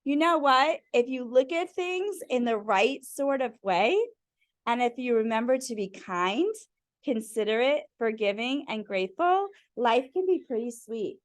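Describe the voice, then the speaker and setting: A woman's voice: a little high, animated, a little slow, no room sound. A woman reading picture books aloud to children, chatting to them between pages. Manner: friendly, addressing kids directly. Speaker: storyteller.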